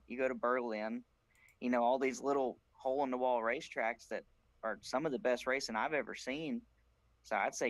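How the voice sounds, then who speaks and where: A man's voice: mid-range voice, dry recording, low-quality recording. A man from South Carolina, a racing crew chief, telling stories as a podcast guest with a plainspoken, dry humor. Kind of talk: casual podcast chat.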